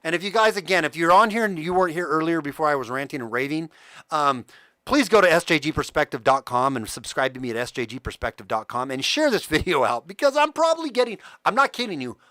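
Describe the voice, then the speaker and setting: A man hosting a livestream and ranting, swinging his voice widely up and down as he gets worked up. His tone is bright and edged, with a dry, close sound. He swears freely and addresses his viewers directly. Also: a little high, sing-song, quick pace, no room sound. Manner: heated, profane ranting; talks to the chat directly. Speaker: livestream host.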